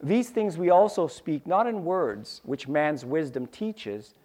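A man's voice: fairly high pitch, sing-song, takes it slowly, darkish tone. A man preaching a sermon, acting out little scenes with sound effects and repeating key lines for emphasis. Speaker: pastor.

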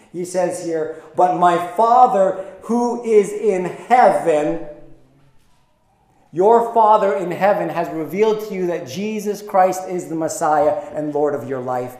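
A pastor preaching a sermon in a conversational way, with playful asides. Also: male voice, on the high side, a little mellow, echoey room. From Philippines.

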